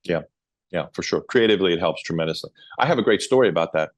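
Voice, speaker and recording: A middle-aged man, a podcast guest, telling long rambling stories in a casual, animated way. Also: sits low, quick pace, no room sound, dull audio. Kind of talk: casual interview storytelling.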